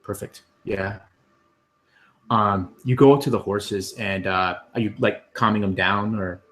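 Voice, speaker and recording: A man's voice: fairly low pitch, steady tone, slow pace, a bit bright. A man narrating scenes as game master of a tabletop game, with many ums and restarts.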